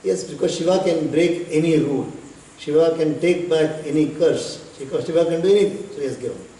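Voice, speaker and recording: A man, a spiritual teacher telling a devotional story in an unhurried way, with pauses and bits of chanting. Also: a little high, dark tone. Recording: echoey hall, distant mic, faint noise.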